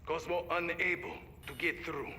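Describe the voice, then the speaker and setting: A man's voice: on the high side, little pitch movement, normal speed, sharp tone. Space dog, male, Russian accent, clipped speech, echoing game audio, hissy. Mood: grave. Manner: clipped, broken grammar. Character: gruff male telepathic space dog, stern. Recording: game audio, long reverb, hiss.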